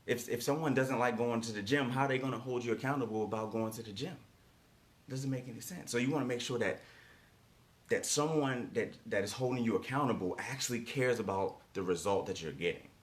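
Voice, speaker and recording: A medium-pitched man speaking a little fast gives a motivational coaching talk. He is emphatic, repeats his main points, and frequently checks in with a rhetorical "right?"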